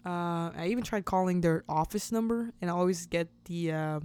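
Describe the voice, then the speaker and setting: A woman hosting a podcast, telling a personal story in a chatty, animated way, laughing often and acting out the dialogue. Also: lowish voice, normal speed, clean tone. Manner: chatty with many fillers and restarts. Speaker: podcast host. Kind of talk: casual storytelling.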